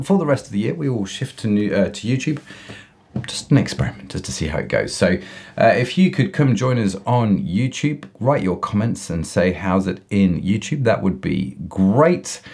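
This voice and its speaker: A man co-hosting an online church service, hoarse and croaky from illness, chatting in a jokey way with lots of fillers and restarts. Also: expressive, moderate pace, a little mellow. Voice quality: croaky, unusually deep voice. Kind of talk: casual live-stream chat.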